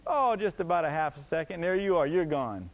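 A man's voice: fairly high pitch, animated, a little fast, lo-fi sound. A man preaching a sermon emphatically, repeating his points and asking the congregation rhetorical questions.

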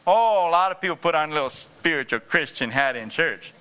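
A male preacher with a high, bright, ringing voice delivers a sermon. He drives points home by repeating phrases and keeps asking the room whether they are following. The delivery is emphatic and direct. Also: lively intonation, a little fast, clean tone. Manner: emphatic, repetitive, calls for congregation responses.

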